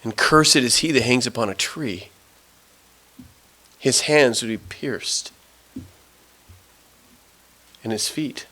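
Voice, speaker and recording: A man voicing a repentant thief on a cross, sneering at first and later pleading, in halting, repeated phrases. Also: mid-range voice, pushed and bright. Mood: uneasy.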